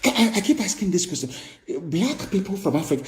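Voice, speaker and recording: In this live political broadcast, a Nigerian-accented man from southeastern Nigeria speaks to his followers with scorn and fervor, repeating phrases for emphasis. He talks at a moderate pace in a high, warm, very animated voice, pausing often in a roomy space.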